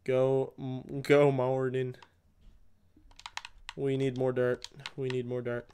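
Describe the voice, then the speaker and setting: A man's voice: mid-range voice, completely flat delivery, takes it slowly, mellow, a little hiss or hum. A young man casually chatting with his viewers during a gaming livestream, rambling and answering chat while he plays. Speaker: live streamer.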